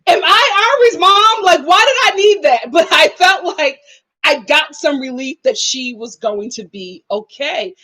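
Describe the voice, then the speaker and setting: A woman's voice: high voice, measured pace. A young woman hosting a reality TV review, chatting casually and animatedly, often laughing and acting out what people said. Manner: animated, laughing, acts out quotes. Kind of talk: casual chat.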